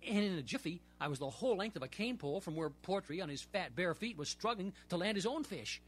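Husky man reading a lively children's story. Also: sits high, quick pace.

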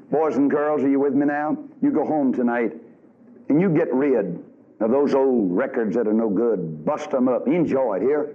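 Man, fiery revival preacher, folksy and scolding, dull lo-fi recording. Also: fairly high pitch. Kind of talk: revival sermon.

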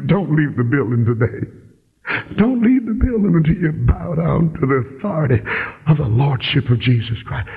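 A male preacher in full flight, his voice leaping high and low as he pleads and cries out to the congregation. The sound is thin and tinny like an old phone-line recording, with a long echo from a big church hall. His tone is husky. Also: very animated, moderate pace. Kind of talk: fiery sermon.

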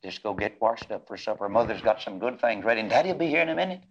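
Gentle mother voiced by a preacher, hushed and soothing. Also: lively intonation, fast, dull audio. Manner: low, soft and soothing. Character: gentle mother of a young boy.

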